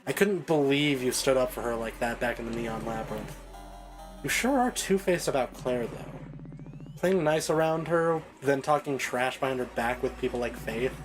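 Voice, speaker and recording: A sarcastic mirror-image young woman who picks apart her other self, as a man voices her on stream. The taunting is dry and mocking at a mid pitch. Game music plays clearly underneath. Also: expressive, normal speed, lightly acted, rough recording. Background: game soundtrack music.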